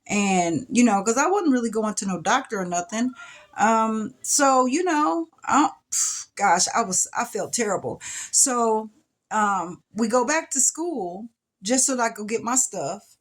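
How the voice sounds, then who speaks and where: A woman's voice: on the high side, expressive, unhurried. Emotional woman telling her story. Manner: emotional, reflective, with sighs and restarts. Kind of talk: personal storytelling to camera. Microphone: camera mic.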